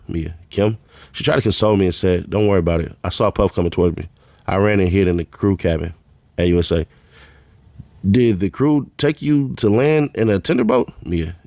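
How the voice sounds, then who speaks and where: A man's voice: sits low, darkish tone, no room sound. A man reading a trial transcript aloud, announcing each speaker's label before their lines in a plain read-aloud manner. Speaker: channel host reading court testimony.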